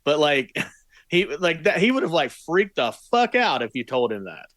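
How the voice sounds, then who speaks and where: A man's voice: fairly high pitch, sing-song, moderate pace, no room sound. Fact-checking male podcast co-host. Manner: questioning, corrects details, trails off quietly. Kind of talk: casual movie discussion.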